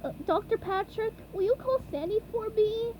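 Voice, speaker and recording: SpongeBob, a squeaky sniffly sea sponge, as a woman puts him on. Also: moderate pace, a little mellow, slight background noise, rough recording. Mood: scared. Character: excitable childlike male sea sponge. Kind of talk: storybook reading.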